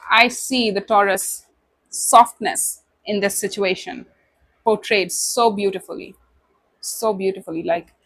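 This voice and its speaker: A woman's voice: mid-range voice, normal speed. Emotive woman giving a tarot reading. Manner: warm, emotive, speaks directly to the listener with many "you know"s. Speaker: tarot reader. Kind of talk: casual tarot reading to camera.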